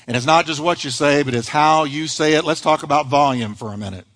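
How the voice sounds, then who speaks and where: A man's voice: a little high, brisk, fairly bright tone, in a large hall. A pastor preaching a sermon to a congregation, acting out the quoted lines of the people he describes.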